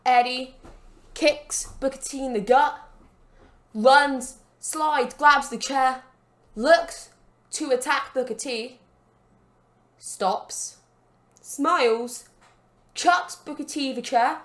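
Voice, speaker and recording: Her voice is high-pitched, the pace slow and broken by frequent pauses. A woman running a gaming channel, she chats loosely through matches with jokes and plugs, using a desk mic on a broken stand.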